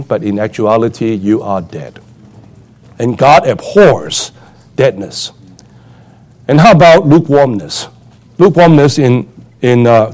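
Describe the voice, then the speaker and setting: A man preaching a sermon with conversational asides, full of fillers and restarts, then building to urgent, impassioned exhortation. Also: darkish tone. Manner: impassioned, rising to urgent high-pitched exhortation.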